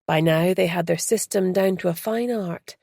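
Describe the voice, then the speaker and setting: A woman narrating an audiobook in a steady, measured way. Her voice sits low and has a gravelly fry. The recording is close and completely dry. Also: no room sound. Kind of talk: scripted narration.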